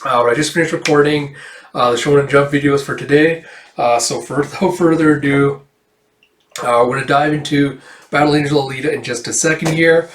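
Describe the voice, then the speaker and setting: A man's voice: a little high, fairly even intonation, brisk. A man casually hosting a manga read-through, rambling with many fillers and the odd swear. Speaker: host. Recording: echoey room.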